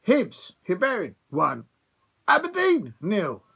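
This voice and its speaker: A man doing a classic radio scores reader, stately measured delivery, pitched a touch high and loud. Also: wildly swooping pitch, vocal fry, breathy edge, full character voice. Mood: formal. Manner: formal measured score-reading cadence. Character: old-school male radio football results announcer. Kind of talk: impression of a radio results reader.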